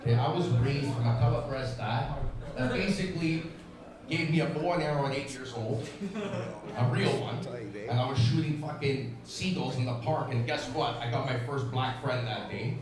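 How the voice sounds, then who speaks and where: A man's voice: medium pitch, moderate pace, a crowd in the background. A man doing a crude stand-up comedy set, brash and profane, a little stoned. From Italian family. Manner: profane, brash, playful menace, does voices of people. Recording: echoey room with loud music.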